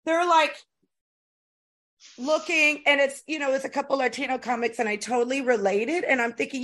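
On a laid-back podcast, a middle-aged woman from the US speaks at a moderate pace with a high voice. Her storytelling is lively and profane, full of fillers.

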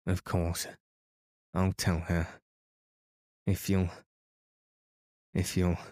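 A man voicing a sulky, scheming teenage schoolgirl who pleads and sulks, in a slow storybook reading. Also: low voice, monotone, a little mellow, dry recording, studio quality. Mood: sullen pleading. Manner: pleading and sullen.

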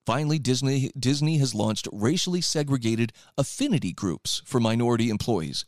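A man's voice: mid-range voice, expressive, normal speed, dry recording, studio quality. A man hosting a talk radio show, reading out and commenting on articles in a sarcastic, opinionated way.

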